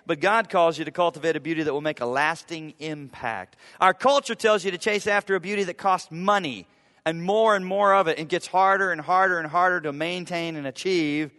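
A male pastor delivering a conversational, emphatic sermon with humor and repetition. His voice sits a little high for a man. Long church-hall reverb trails each phrase. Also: fairly quick, bright, forceful tone. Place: church sanctuary.

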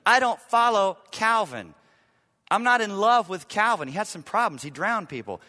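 A man preaching a sermon as pastor, emphatic, repeating key lines and swinging from loud to hushed. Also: high-pitched, lively intonation, normal speed, in a large hall.

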